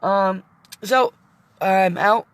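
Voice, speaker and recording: A woman's voice: mid-range voice, extremely slow, clear, resonant tone. A middle-aged woman chatting on a live vlog from inside her van, rambling, emotional and teary at times, with some swearing. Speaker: vlogger. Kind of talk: casual live-stream chat.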